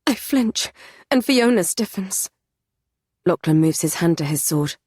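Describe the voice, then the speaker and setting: A woman narrating a fantasy audiobook in the first person, measured and even. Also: on the low side, breathy edge, no echo, studio quality.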